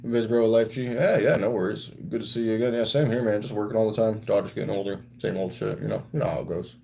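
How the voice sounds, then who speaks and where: On a livestream, a young man rambles casually with his viewers, cursing without restraint. His voice is fairly low, steady, and mellow, with vocal fry and a fast pace, and there's a little background noise.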